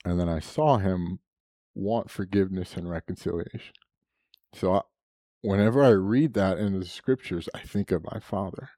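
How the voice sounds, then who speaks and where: A man's voice: low-pitched, moderate pace, dark tone, no echo. A man preaching a sermon, telling a personal story with frequent laughs and moments of emotion.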